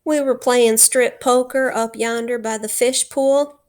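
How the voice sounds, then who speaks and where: A woman's voice: a little high, steady tone, unhurried, a little mellow, pitched above the performer's own voice, lightly acted. A woman doing a hesitant young boy. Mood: innocent. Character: young boy, quick-witted and inventive.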